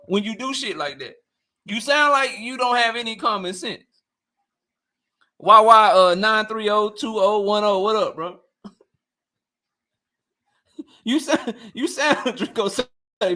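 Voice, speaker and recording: Young guy going off on a stream, bright tense voice, slangy, keeps laughing mid-rant. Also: very high voice. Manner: heated, slangy, repetitive, laughs often. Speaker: host. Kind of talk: casual livestream debate talk.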